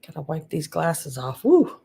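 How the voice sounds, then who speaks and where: A woman's voice: sits low, big pitch swings, unhurried, creaky, mellow, breathy edge. A woman with a Southern US accent hosting a live vintage sale stream, chatting casually and greeting viewers by name. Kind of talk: casual livestream chat.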